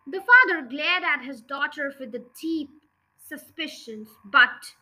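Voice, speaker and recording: A woman narrating a children's storybook chapter in an expressive, lively read-aloud. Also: sits high, a little slow, low-quality recording. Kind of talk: storybook reading.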